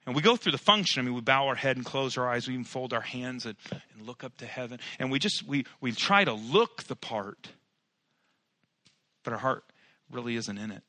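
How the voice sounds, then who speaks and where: Bright, preaching man with rising emphasis. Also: mid-range voice, expressive, fairly quick, no echo. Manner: preaching with swelling, emphatic rises and soft drops. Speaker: pastor. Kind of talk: sermon. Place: church.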